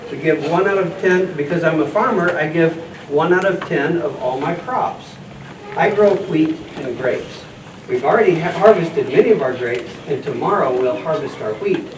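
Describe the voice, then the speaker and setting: A man's voice: on the high side, normal speed, close to an everyday voice. A man playing a friendly scribe teacher and farmer in a church children's skit, leading the kids in call-and-response. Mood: cheerful teaching. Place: church hall. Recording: echoey, distant mic, noisy room.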